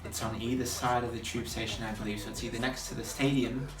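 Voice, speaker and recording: Young man, 20s, from Australia, vlogging his plans from afar, clear music behind. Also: mid-range voice, fairly even intonation, quick pace. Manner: thinking aloud, chatty and hopeful. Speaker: footballer vlogger. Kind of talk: casual vlog talk to camera. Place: hotel room at night, indoors. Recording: roomy, distant camera audio with music.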